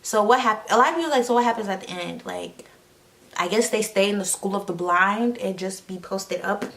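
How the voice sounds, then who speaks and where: Woman vlogger, casual comedy recap, slangy and rambling, mid pitch. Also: moderate pace, a bit bright. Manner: slangy, rambling, with sound effects and fillers.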